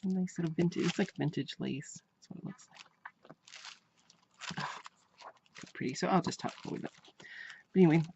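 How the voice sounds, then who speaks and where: A woman's voice: sits low, fast talker, vocal fry, pauses often, background noise. A woman vlogger chatting casually while unboxing crafts, gushing and repeating her praise. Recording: dull lo-fi home recording.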